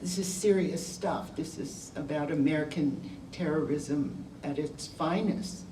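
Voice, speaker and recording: A woman's voice: deep voice, a little slow, warm tone, a little hiss or hum. An older woman giving a candid, wry talk to a school class, telling her own story in a conversational way. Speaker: guest speaker. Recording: roomy sound from a distant mic.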